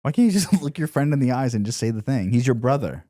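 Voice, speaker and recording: A man's voice: medium pitch, animated, fast talker, warm tone. A young man co-hosting a podcast in casual, joking chat, swearing freely. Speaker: podcast co-host.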